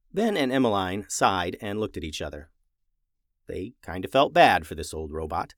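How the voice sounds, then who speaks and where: A man reading a children's story aloud, expressive and animated. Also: low-pitched, normal speed, no room sound, studio quality. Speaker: narrator.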